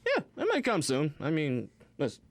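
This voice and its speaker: A man's voice: fairly high pitch, wildly swooping pitch, normal speed. A man co-hosting a college radio film show in the studio, chatting and presenting a countdown. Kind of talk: casual chat and read-out countdown.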